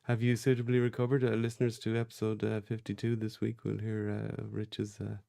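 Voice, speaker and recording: Male podcast host, low gravelly voice, laid-back chatter, dry close sound. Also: fairly quick, dry recording. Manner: relaxed, chatty, reads out chat names. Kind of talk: casual livestream chat.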